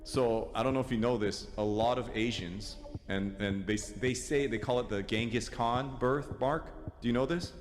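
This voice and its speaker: A man's voice: mid-range voice, normal speed, few pauses. A man, a podcast guest, telling a rambling, profane story in casual chat. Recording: reverberant, with music over it.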